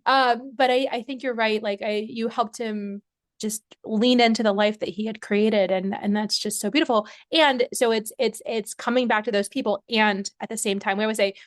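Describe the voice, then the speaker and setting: A woman hosts a podcast and talks with her guest in a warm, affirming, enthusiastic way. Her voice sits a little high. The recording is close and dry, with no room echo. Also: steady tone, normal speed. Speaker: podcast host, physician and coach. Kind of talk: conversational interview.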